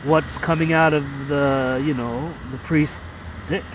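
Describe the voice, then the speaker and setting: Slow, halting man, distant mic. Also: on the high side, steady tone, noisy background. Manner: halting, repetitive, full of fillers and restarts. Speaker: creator explaining his own ads. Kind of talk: casual rambling explanation.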